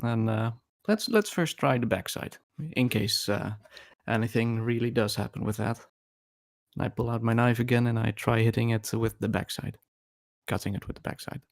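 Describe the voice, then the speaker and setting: A man's voice: medium pitch, normal speed, vocal fry. A man taking part as a player in a tabletop role-playing game, speaking hesitantly with stammers.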